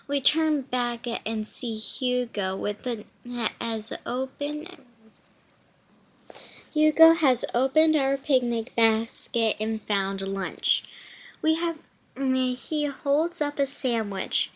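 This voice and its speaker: Woman reading a kids' book aloud, slow and high-pitched, often restarting. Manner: halting, many false starts and self-corrections. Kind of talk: reading a children's novel aloud.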